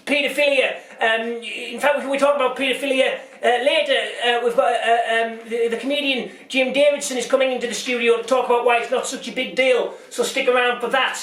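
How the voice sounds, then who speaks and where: A man's voice: very high-pitched, fairly bright tone, distant mic. A man playing a bumbling, bigoted news anchor, stumbling over words and breaking into rants. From Britain. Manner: rambling, stumbling, bursts into rants. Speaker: comedian. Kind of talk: parody news presenting. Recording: echoey room, off-mic.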